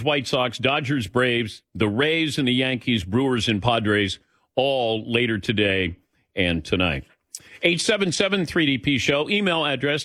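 Radio guy running a sports talk show, quick and deadpan, super dry sound. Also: mid-range voice, dry recording.

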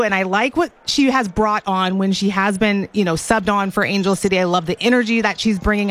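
A woman working as color commentator, breaking down a soccer match before kickoff with an analytical, questioning delivery. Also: mid-range voice. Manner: analytical, builds points with questions. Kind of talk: pre-match sports analysis.

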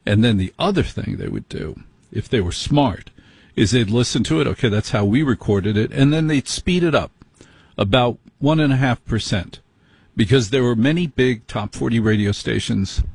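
A middle-aged man from the United States hosts an overnight radio show, rambling through listener mail with wry, self-deprecating asides. His voice is husky and sits at an ordinary pitch. The sound is dry and close, with no room echo. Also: lively intonation, normal speed, darkish tone. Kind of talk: casual late-night radio chat.

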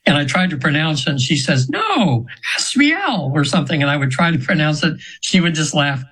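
A man's voice: on the high side, steady tone, fast, a bit bright, poor audio. A man in his seventies telling a long personal story to a host in a chatty, rambling way, with many fillers and restarts. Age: 70s. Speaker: guest practitioner of trance sessions.

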